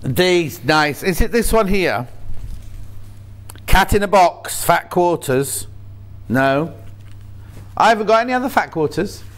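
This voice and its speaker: Chatty uk guy selling fabric on tv, fairly high voice, rambles and jokes around. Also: lively intonation, slow, long pauses. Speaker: shopping channel presenter. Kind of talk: casual chat. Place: TV studio.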